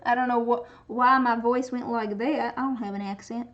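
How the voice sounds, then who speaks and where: A fairly high-voiced woman with a light Pacific Northwest American accent chats casually on a stream, wandering from thought to thought and often restarting her sentences. The sound is a bit dull and lo-fi. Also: steady tone, moderate pace, a bit bright. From Pacific Northwest, USA. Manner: chatty, rambling, many restarts. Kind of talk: casual chat while crafting.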